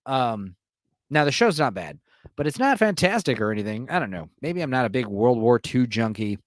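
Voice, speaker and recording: Man, lively pitch swings, profane recap chatter, dry close sound. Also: normal speed, no echo. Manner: animated, profane, laughs often. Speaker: streamer. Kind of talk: casual livestream movie recap.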